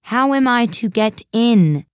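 A woman's voice: medium pitch, lively intonation, normal speed, darkish tone, dry recording, studio quality, pitched above the performer's own voice, natural voice. A woman voicing a polite but exasperated young girl who keeps asking earnest questions. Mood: insistent.

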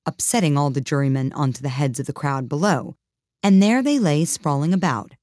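A woman reading a storybook aloud in a lively, expressive way, her low voice rising and falling freely. The sound is close and dry, with no room around it. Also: fairly quick, dry recording. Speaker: audiobook reader. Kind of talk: storybook narration.

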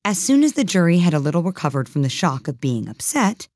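A woman narrating a storybook in an expressive reading voice. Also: fairly low pitch, a little fast, no room sound, clean studio sound. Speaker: audiobook reader.

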